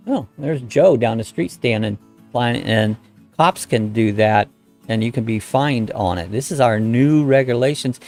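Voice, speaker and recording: A middle-aged man hosts a casual live chat stream, rambling in a folksy manner and greeting viewers by name as he reads their comments. His voice sits in the mid range, creaky and a little mellow.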